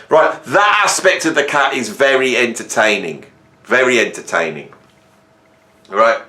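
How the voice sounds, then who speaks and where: A man in his fifties hosting a casual monologue, rambling and humorous as he tells animated stories. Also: medium pitch, measured pace. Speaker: host. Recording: roomy echo.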